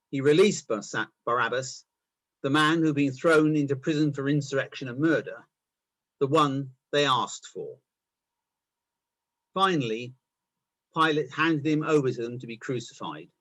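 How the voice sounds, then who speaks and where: A man reading a Bible passage aloud in an expressive, animated way. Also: a little high. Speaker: scripture reader.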